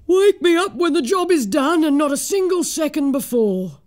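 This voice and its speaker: A woman voicing a huge, gentle giant of a man who speaks sadly and politely. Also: high-pitched, lively intonation, moderate pace, voice pushed up. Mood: sleepy. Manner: sad, polite, drawling.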